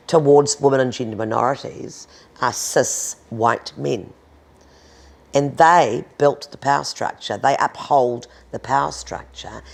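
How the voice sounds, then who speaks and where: A blunt woman in her fifties speaks with a New Zealand accent. Her voice has a gravelly edge and swings widely in pitch as she drives each point home. She swears freely and doesn't soften a thing. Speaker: interviewee, domestic violence advocate. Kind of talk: candid conversational interview.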